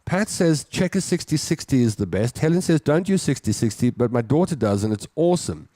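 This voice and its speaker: Expressive and warm, this man's mid-range voice moves a little fast, recorded in studio quality without echo. As host of a call-in show, he reads out listener comments and chats about them casually, riffing as he goes.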